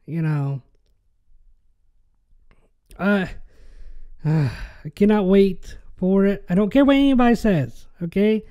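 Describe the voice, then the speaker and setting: Young male podcast host, high-pitched and unhurried, exasperated ranter who swears and repeats himself. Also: mellow, clean tone, lo-fi sound. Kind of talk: ranting podcast monologue.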